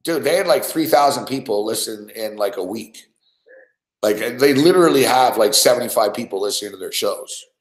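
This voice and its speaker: A man's voice: medium pitch, lively intonation, moderate pace. A man hosting a podcast, telling a rambling, profane story in casual chat and laughing often. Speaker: podcast host. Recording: roomy echo.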